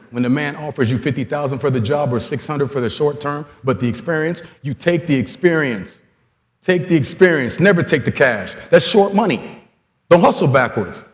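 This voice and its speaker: A Congolese man is the guest speaker at a coaching clinic, offering coaches a blunt, streetwise motivational talk rich in stories and slang. He speaks at a medium pitch, and the audio has a big-room sound.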